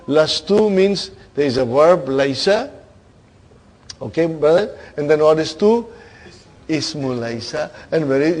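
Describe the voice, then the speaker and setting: A man teaching an Arabic grammar lesson to students, coaxing them along, stretching key words and trailing off softly at the ends of phrases. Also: fairly high pitch, low-quality recording. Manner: coaxing, keeps asking "are you with me, brother?".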